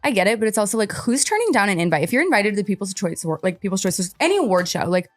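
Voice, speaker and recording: A woman chatting on a podcast, blunt and animated, swearing freely as she rants. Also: medium pitch, very fast, no room sound, faint music behind. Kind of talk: podcast chat.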